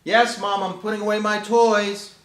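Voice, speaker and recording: A man's voice: sits high, flat delivery, normal speed, fairly bright tone, pitched above the performer's own voice. A man voicing an eager, helpful dog that stands for a good child, cheerful and willing. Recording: roomy echo.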